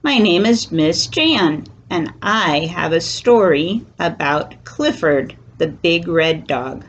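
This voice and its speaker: A woman reading a picture book aloud to toddlers as a storyteller, slow and animated. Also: on the low side, muffled recording, slight background noise. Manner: slow, sing-song and animated for small children. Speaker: children's storyteller.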